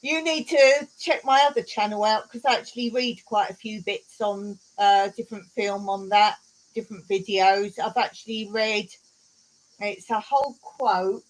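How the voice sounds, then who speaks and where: A woman's voice: mid-range voice, fairly even intonation, moderate pace, slight background noise, rough recording. A woman hosting a casual live stream from home, telling jokes and reading viewer comments aloud with frequent giggles.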